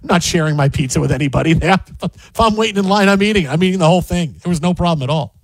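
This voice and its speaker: High-voiced man in rambling sports banter. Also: fast talker, no room sound. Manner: animated, rambling, emphatic with repeated phrases. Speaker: sports show co-host.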